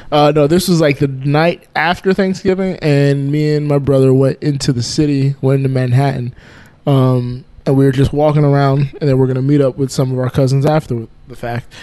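A man's voice: mid-range voice, warm tone. A man co-hosting a podcast, telling a long rambling story in casual chat and laughing often. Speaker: podcast co-host.

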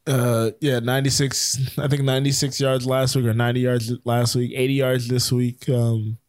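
A man co-hosting a casual sports talk show, excitable and rambling, stumbling through fillers as he goes. His voice sits in an ordinary middle pitch. The sound is dry and close. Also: normal speed, no echo. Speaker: podcast co-host.

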